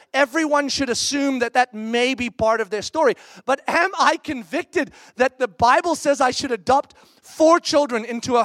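A middle-aged man preaching in a candid, conversational way, weaving a personal story into the sermon. His voice sits very high for a man. The sound is dry, with no room echo. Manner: candid, animated, acts out quoted reactions. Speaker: pastor.

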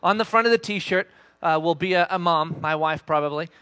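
A man in his thirties giving a conversational sermon as a pastor, an animated storyteller who acts out the voices of his family. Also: a little high, brisk, dry recording.

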